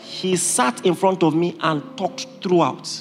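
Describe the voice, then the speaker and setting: A man, preaching a sermon as pastor in a humorous, animated way, laughing often. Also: high-pitched, measured pace, a little hiss or hum. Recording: long reverb of a hall, faint ambience.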